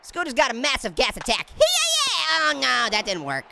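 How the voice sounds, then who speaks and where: Over game music and a noisy background, a man commits fully to voicing a giddy talking orange, a hyper, giggly male character who taunts and makes puns about the gameplay. The voice is a gravelly, high cartoon sound with huge pitch swings, delivered at normal speed as comedic let's-play commentary.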